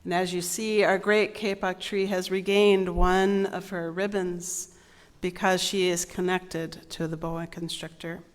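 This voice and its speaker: A woman's voice: fairly low pitch, flat delivery, unhurried. Woman reading a story in a big echoing hall. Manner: playful, asks the children questions. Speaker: children's story reader at a church service. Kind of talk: reading a picture book aloud to children. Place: large sanctuary. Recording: long reverb in a large hall.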